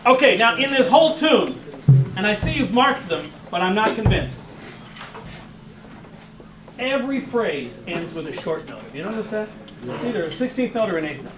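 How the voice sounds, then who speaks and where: A man coaching a school jazz band in rehearsal, animated and joking as he gives notes. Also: high voice, moderate pace, long pauses. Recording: distant mic with room noise.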